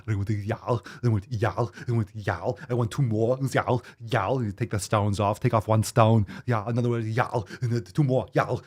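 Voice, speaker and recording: An American man hosting a casual commentary show, reading news stories and riffing on them with profane, animated remarks. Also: mid-range voice. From United States. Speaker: host.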